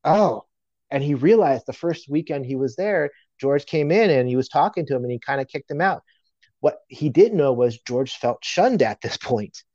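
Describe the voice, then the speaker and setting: Male guest, casual storyteller, mellow tone, filler-heavy delivery; dull lo-fi capture. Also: medium pitch, lively intonation, normal speed, no room sound. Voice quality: frequent "you know" fillers. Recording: dull lo-fi sound.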